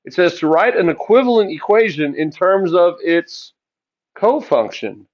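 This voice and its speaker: A man teaching a math lesson, asking the class questions and answering them himself in a relaxed, chatty way. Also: sits high, unhurried, dull audio. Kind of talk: classroom lecture.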